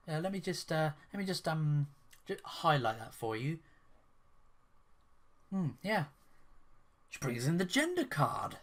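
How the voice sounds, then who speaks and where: A man's voice: fairly high pitch, lively intonation, slow pace, pauses often, fairly bright tone. A man giving casual spoken commentary on a gaming controversy, rambling and incredulous, with lots of fillers and restarts.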